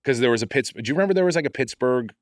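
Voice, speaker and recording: A man's voice: mid-range voice, animated, very fast, dry recording, clean studio sound. Chatty podcast co-host man. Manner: hesitant, restarting phrases. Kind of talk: casual comedic chat.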